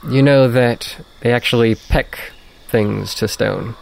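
Guy running a tabletop game, even calm narration, faint background hiss. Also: medium pitch, slow, creaky. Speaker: game master.

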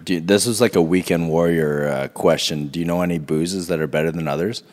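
A man with a very deep voice co-hosts a podcast in relaxed, easygoing conversation. He often chimes in with quick, short replies. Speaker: podcast co-host. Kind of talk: casual podcast chat.

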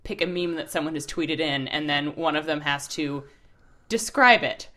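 A woman's voice: sits low, normal speed, pushed and bright. A woman in her thirties co-hosting a podcast, chatting playfully and laughing often. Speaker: podcast co-host. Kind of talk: casual chat.

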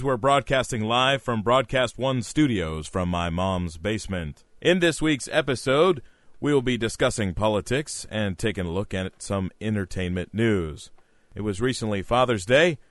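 A man hosting a comedy podcast in a mid-pitched voice, reading scripted jokes and landing punchlines with a deadpan touch. The recording is dry with no room sound. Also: moderate pace, no echo. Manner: deadpan one-liner delivery. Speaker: podcast host.

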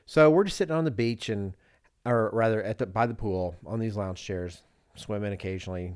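A man with a fairly low voice tells a rambling travel story on a podcast. He jumps into little impressions of the people he met. The sound is dry and close, with no room around him. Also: dry recording. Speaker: podcast co-host. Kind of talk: casual storytelling chat.

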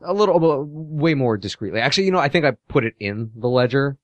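A man's voice: medium pitch, expressive, quick pace, dry recording, highs cut off. A man playing a tabletop game, describing his moves hesitantly with many fillers. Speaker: player. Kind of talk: casual tabletop game play.

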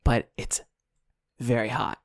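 Man, podcast host, game master, playful, chatty, medium pitch. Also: level tone, slow pace, vocal fry. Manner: playful, chatty, laughs often. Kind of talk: casual chat.

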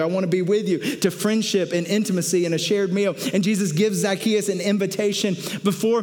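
A male pastor delivering a lively sermon, with a voice sitting a little high for a man. He tells the story with energy, slipping into playful voices for the characters and the crowd. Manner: animated storytelling, acting out crowd voices with laughter.

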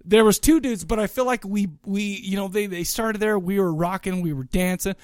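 A middle-aged man co-hosting a podcast in casual chat, rambling and excitable, often restarting his sentences. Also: high voice, normal speed, clean tone, no room sound, clean studio sound. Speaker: podcast co-host.

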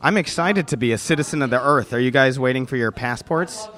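A man voicing an excited little googly-eyed microphone creature, squealing with glee. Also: mid-range voice, a little fast, close to an everyday voice. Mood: cheerful. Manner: giddy, squealing.

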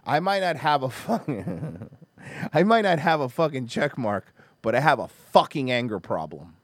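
Male comedy host, profane and explosive, big swings in pitch, dry close sound. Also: big pitch swings, normal speed, no room sound. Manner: crude, mocking, explosive. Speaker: podcast host.

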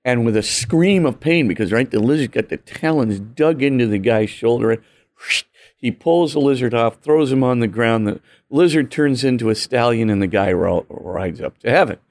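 A man's voice: mid-range voice, lively intonation, normal speed, a little mellow. A man, a priest, explaining earnestly and emphatically in an interview, full of "you know" and "right?" asides. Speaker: priest and guest author. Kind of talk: animated teaching talk in an interview.

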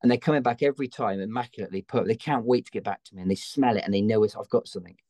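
An English man with a lowish voice and a warm, relaxed tone speaks as a guest. He explains training steps in an emphatic, hands-on way, recorded close and dry. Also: racing, dry recording. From England. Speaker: gun dog trainer guest. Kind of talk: conversational interview.

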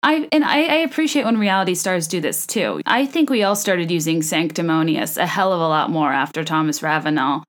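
A woman's voice: lowish voice, lively intonation, brisk, few pauses. Chatty, self-deprecating young woman podcaster. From American South. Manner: chatty, self-deprecating, rambling with restarts and laughs. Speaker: podcast host. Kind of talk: casual solo podcast monologue.

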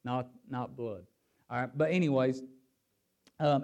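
A man's voice: medium pitch, a little slow, long pauses. A man preaching a sermon and reading scripture aloud. He swings his emphasis up and down and repeats words as he thinks aloud. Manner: animated, rising and falling emphasis.

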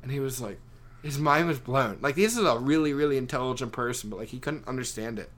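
A man's voice: medium pitch, fast, a bit bright. A young man chatting casually, rambling through a story with lots of filler words. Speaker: friend telling a story. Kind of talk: casual chat.

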